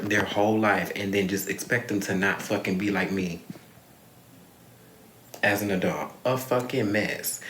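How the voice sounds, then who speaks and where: Young man, confessional vlog, candid, rambling, swearing, lowish voice, echoey room. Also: slight background noise. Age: young adult. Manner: candid, rambling, swears freely, sighs often. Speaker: vlogger.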